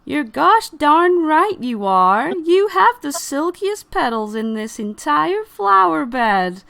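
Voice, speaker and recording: A woman voicing an excitable, fawning flower with bell-flower hair who gushes in drawn-out words. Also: high-pitched, vocal fry, pitched above the performer's own voice, heavily acted. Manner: gushing, drawn-out, enthusiastic.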